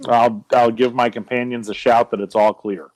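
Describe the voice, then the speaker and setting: Dude playing the barbarian in d&d, laid back and wry, dry mic. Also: male voice, medium pitch, flat delivery, moderate pace, a little mellow, dry recording, low-quality recording. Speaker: player. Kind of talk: tabletop game chat.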